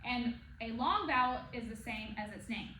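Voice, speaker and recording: A woman teaches a one-on-one reading lesson, her voice sitting a little high. She is patient and checks in with the student at every step. The room is echoey, with noise in the background. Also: normal speed, bright, forceful tone. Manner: patient, checks in with "okay?" and "right?".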